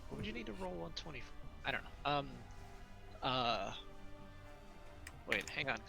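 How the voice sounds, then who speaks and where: A man's voice: mid-range voice, very animated, gravelly. A man playing a tabletop game, chatting playfully at the table. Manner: playful, slow-talking. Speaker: player. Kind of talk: casual chat at a game table. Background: music in the background.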